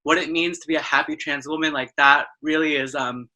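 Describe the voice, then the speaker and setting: A woman's voice: deep voice, fairly even intonation, fairly quick, bright, forceful tone. A trans woman hosting an interview, talking effusively and at length, with lots of "like" and "you know" fillers. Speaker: host. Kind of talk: casual interview conversation.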